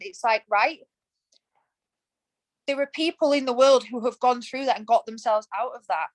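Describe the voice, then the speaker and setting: A woman's voice: on the high side, normal speed, long pauses, low-quality recording. A woman in her thirties, a podcast guest, talking in a passionate, emphatic way in a casual interview. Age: 30s. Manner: emphatic and passionate, acts out quoted thoughts.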